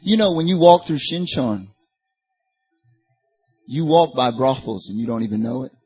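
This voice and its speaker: A man's voice: mid-range voice, moderate pace, darkish tone, breathy edge, faint music behind. A man preaching a sermon, building to emphatic peaks and turning to the congregation with casual asides. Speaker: pastor.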